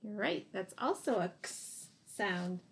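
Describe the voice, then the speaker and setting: A woman's voice: medium pitch, lively intonation, vocal fry, slight background noise. A woman teacher giving a phonics lesson to young children, sounding out letters and praising answers. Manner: slow, encouraging, sounding out letters.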